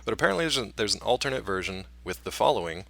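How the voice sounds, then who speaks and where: A man's voice: fairly low pitch, sing-song, racing, gravelly, a bit bright. A man co-hosting a podcast in casual chat, with a wry, easygoing way of talking. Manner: wry, easygoing, laughs at himself. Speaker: podcast co-host.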